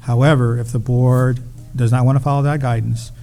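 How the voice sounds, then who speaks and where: Male district official, warm dark voice, cautious advisory tone, light room noise. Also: mid-range voice, level tone, brisk. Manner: careful, qualifying advice. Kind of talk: advising a board meeting.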